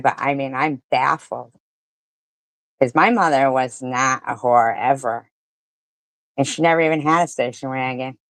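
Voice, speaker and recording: A woman giving angry live-stream commentary, ranting furiously and profanely, swinging between loud outbursts and low mutters. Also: dry recording.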